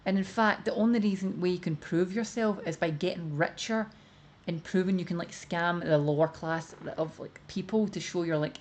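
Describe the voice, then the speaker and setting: Rambling woman streamer, low voice. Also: a little mellow. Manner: rambling, many fillers of "like". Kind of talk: casual commentary.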